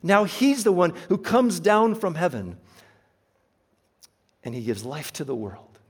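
A man preaching a sermon, earnest and emphatic, slowing down to stress key phrases. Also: sits high, lively intonation, slightly rough.

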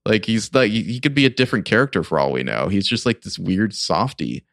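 A man's voice: on the low side, animated, moderate pace, a bit bright, no room sound, studio quality. A man in his forties chatting casually as a podcast co-host, rambling and full of fillers. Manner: rambling, filler-heavy fan critique. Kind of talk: casual chat.

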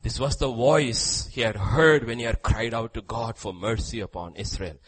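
A man preaching a sermon, swinging between loud, declaiming lines and hushed, quiet ones. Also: medium pitch, moderate pace, breathy edge, rough recording.

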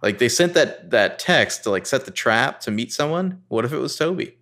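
A man co-hosting a podcast, retelling a TV episode in casual chat with a dry, low-key manner. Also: animated, normal speed, fairly bright tone. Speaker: podcast co-host recapping a TV episode.

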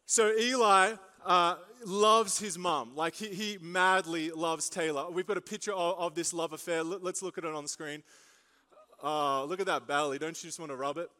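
A young man preaching a sermon, telling a lively story with jokes and asides before turning to his main point. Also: on the high side, normal speed. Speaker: pastor. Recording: long reverb of a large hall.

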